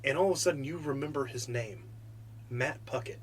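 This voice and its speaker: A man's voice: medium pitch, fairly quick, a little hiss or hum. Laid-back man narrating a tabletop game. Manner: relaxed, loose narration with fillers. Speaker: game master.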